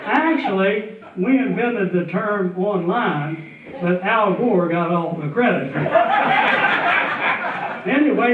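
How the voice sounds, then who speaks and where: A man's voice: high-pitched, noisy background. A man telling a tall tale on a festival stage in a folksy, chuckling way. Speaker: storyteller. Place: festival stage before an audience. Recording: tinny, distant, echoey hall sound.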